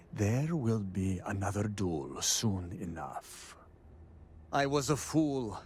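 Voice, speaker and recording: A proud, formal duelist, heavy with shame and pleading for forgiveness. He speaks in measured, solemn sentences at a mid pitch, over faint background noise from the game. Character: proud, ashamed male duelist seeking reconciliation. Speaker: game character. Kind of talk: video game voice acting.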